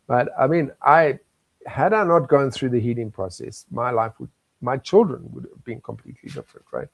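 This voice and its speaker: A man's voice: medium pitch, moderate pace, gravelly, no room sound, rough recording. An older man from South Africa, a talk show guest telling his life story in an earnest, chuckling manner. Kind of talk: candid interview talk.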